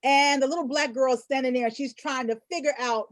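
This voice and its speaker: A middle-aged woman author speaking on a panel, telling stories with lively, animated delivery. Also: sits high, a little fast, dry recording. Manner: animated storyteller, acts out voices in anecdotes. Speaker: panelist, children's book author and illustrator. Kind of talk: panel discussion.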